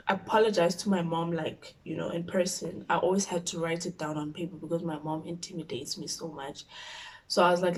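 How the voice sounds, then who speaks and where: A young woman in her twenties with a South African accent, telling a personal story on her vlog in an expressive, animated way. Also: on the low side. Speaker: YouTuber.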